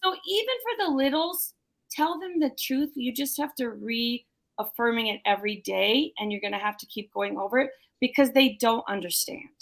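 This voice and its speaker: A woman's voice: a little high, moderate pace, gravelly. A bereaved mother telling her story in a heartfelt, emotional way during a discussion. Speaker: bereaved mother sharing experience.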